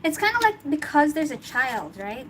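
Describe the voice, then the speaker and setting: A woman's voice: sits high, sing-song, moderate pace, fairly bright tone, low-quality recording. A woman giving a casual tarot reading, chatty and thinking aloud, laughing often. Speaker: tarot reader. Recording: noticeable background noise.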